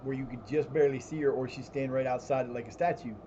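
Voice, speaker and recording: A man spins long, rambling stories on a live stream, his voice mellow and darkish. He restarts sentences often and swears freely. The audio is slightly dull, with a faint hiss behind him. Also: medium pitch, fairly even intonation, quick pace. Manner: baby talk to his cat. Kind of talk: casual storytelling while gaming.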